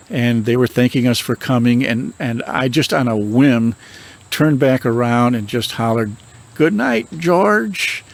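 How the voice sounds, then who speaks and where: An older man tells his ghost stories in a calm, measured way. He takes his time and lets dramatic pauses hang between the beats. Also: mid-range voice. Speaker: paranormal investigator and reverend. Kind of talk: storytelling.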